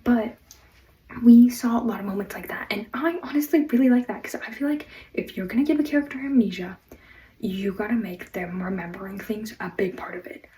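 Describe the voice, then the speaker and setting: A woman delivering an excited, rambling fan rant, full of fillers, on a personal mic. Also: a little high, distant mic, low-quality recording. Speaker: fan vlogger.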